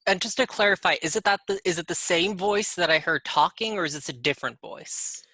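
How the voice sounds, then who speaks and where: Bright-voiced player asking questions. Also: medium pitch, brisk, dry recording. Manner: careful, asks to clarify. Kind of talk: casual game chat.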